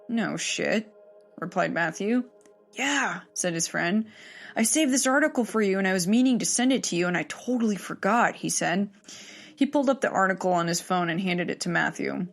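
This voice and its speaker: A woman reading a horror story aloud in a steady, measured storytelling manner. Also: fairly low pitch, vocal fry. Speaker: story narrator.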